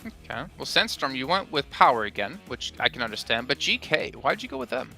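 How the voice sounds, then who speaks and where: A man's voice: mid-range voice, sing-song, brisk, creaky, sharp tone, faint music behind. A man hosting an esports analyst desk, putting friendly teasing questions to his panel. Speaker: desk host.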